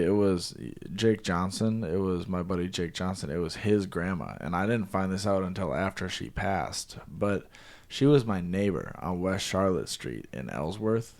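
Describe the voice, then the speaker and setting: A man's voice: deep voice, normal speed, darkish tone. A young man co-hosting a talk show in casual, profane chat, saying "dude" a lot. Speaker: podcast co-host.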